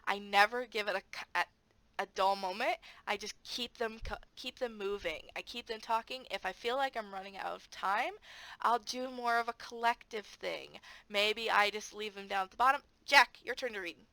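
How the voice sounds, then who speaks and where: Woman, online english teacher, casual vlog, bright tone, animated, dry sound. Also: medium pitch, moderate pace, dry recording, poor audio. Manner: animated, acts out classroom moments with sound effects; frequent fillers, friendly and chatty.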